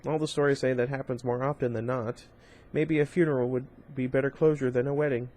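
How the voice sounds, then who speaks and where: A sneering, bitter young woman from a storybook who talks bluntly and with scorn, as a man reading aloud puts her on. Her lines are delivered at a mid pitch with little change from the reader's own voice. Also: steady tone, brisk, a little mellow, natural voice.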